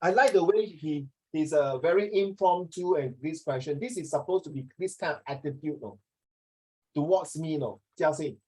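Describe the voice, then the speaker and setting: A man's voice: a little high, normal speed, a little mellow, slightly rough, low-quality recording. A man, tutoring a class in a chatty, teasing way and slipping into Mandarin now and then. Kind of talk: online class teaching.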